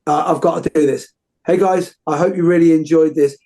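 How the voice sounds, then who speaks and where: A British man hosts a casual interview chat, talking effusively and rambling with many restarts. His voice is a little high, steady in tone, brisk, and warm.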